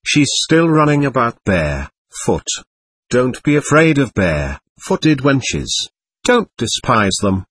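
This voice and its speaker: A man's voice: medium pitch, a bit bright, slightly rough, no echo, heavily acted. A man reading the part of a drunken, lecherous old man who rambles and needles his sons. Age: older.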